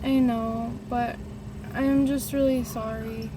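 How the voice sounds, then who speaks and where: A chatty woman films a casual vlog at home, her voice sitting a touch high. She coos at her dogs between remarks, and a clear hiss of home noise runs under everything. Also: little pitch movement, slow pace. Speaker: vlogger, animal rescuer. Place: home kitchen. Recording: noisy home recording.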